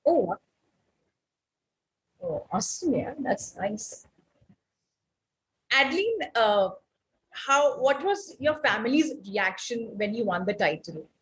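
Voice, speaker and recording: A woman's voice: on the high side, sing-song, slow, pauses often, poor audio. Chatty woman interviewer on a video call. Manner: chatty, encouraging, rambling questions. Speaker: interviewer host. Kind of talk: interview chat.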